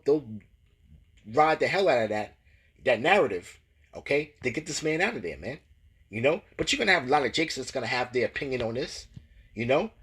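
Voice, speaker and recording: Very husky man teaching scripture. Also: medium pitch, a bit bright, low-quality recording. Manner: tags lines with "man, you know?", stammers restarts; reads scripture slowly and deliberately. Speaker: religious teacher.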